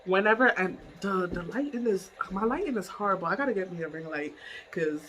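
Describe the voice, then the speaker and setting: A woman telling a story in a casual vlog from her bedroom. She is animated, laughs often and swears freely. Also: mid-range voice, fairly quick, rough recording.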